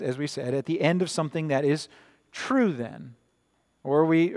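A man preaching a sermon in a church, conversational and often tossing in "right?" to the congregation. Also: a little high. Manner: conversational, frequent "right?" asides. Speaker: pastor. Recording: reverberant church sanctuary.

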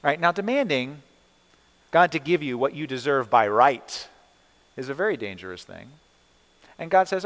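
A man's voice: medium pitch, very animated, normal speed, long pauses, fairly bright tone. A male pastor preaching a sermon, asking rhetorical questions and acting out the people and God in short quoted lines. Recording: long hall reverb.

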